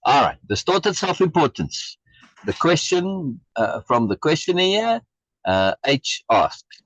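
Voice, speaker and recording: A man's voice: a little high, sing-song, slow, a bit bright, no room sound. A man leading a program, reading a text aloud and commenting on it emphatically, repeating key phrases, over a video call. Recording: dull lo-fi video call audio.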